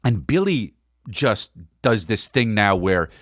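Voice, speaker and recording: A man's voice: fairly low pitch, sing-song, slow, fairly bright tone, no room sound, studio quality. Man telling a rambling comic story. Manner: rambling, stammering restarts, crude wording. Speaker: podcast host.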